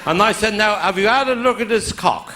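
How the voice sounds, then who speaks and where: A man's voice: sits high, fairly quick, background noise. A man with a broad Cornish accent telling a long comic story on stage, in dialect grammar, laughing along with his own punchlines. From Cornwall. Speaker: stand-up comedian. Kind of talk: live stand-up storytelling. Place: live show venue with an audience.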